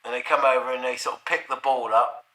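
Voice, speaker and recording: A middle-aged man tells a personal anecdote in a casual, rambling way, swearing and chuckling as he goes. His mid-range voice holds a steady tone, moving fast and sounding pushed and bright. The recording has a roomy echo.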